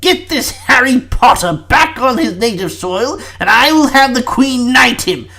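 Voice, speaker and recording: A bullying, irate British prime minister in middle age, scolding and blustering, as a reader puts him on. His pitch rises and falls with lively swings. He talks down at the listener. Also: measured pace, gravelly, full character voice. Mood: seething.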